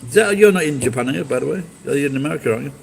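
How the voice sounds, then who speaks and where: A man's voice: a little high, lively intonation, racing, creaky, a little mellow, a little hiss or hum, low-quality recording. Blunt foul-mouthed male streamer. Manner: blunt, profane, berating viewers. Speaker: live streamer. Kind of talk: live stream chat with viewers.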